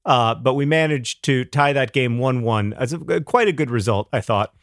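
A man's voice: medium pitch, normal speed, dry recording, studio quality. A man co-hosting a podcast in casual chat, wry and rambling, often restarting his sentences. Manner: wry, rambling with self-corrections. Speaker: podcast co-host.

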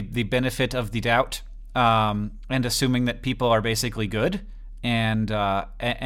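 Male podcast co-host, middle-aged, goofy deadpan humor, rambly, mid-pitched voice. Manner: goofy deadpan jokes, rambling with many restarts. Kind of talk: casual banter and listener Q&A.

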